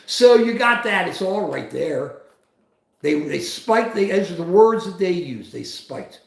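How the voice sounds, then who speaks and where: Argumentative older man, high voice, echoey room. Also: very animated, a little slow, gravelly. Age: 70s. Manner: argumentative, rambling, talks straight to chat. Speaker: livestream host. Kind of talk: casual livestream commentary.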